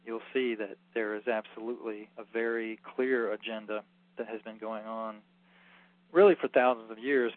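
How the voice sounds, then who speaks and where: A man with a mid-range voice, teaching a healing workshop, gives a rambling, earnest informal lecture packed with fillers. The recording is dry and sounds tinny, like a phone.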